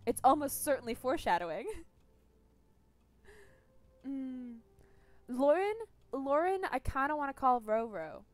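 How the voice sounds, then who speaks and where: A young woman streaming a story game, chatting casually, swearing freely and thinking out loud. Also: high-pitched, expressive, a little slow, long pauses, faint music behind. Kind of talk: casual gameplay commentary.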